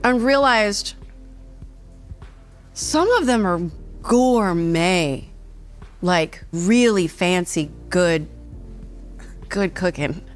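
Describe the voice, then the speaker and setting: A woman's voice: fairly low pitch, expressive, extremely slow, pauses often, faint music behind. A middle-aged woman chatting casually as a guest over a meal, talking with many restarts and frequent laughs.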